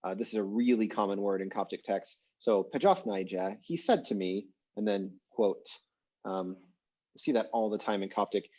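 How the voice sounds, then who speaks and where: A man teaching an online language class, explaining in a relaxed, chatty way with lots of fillers over a video call. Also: fairly low pitch, normal speed, husky, dull audio. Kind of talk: casual online class lecture.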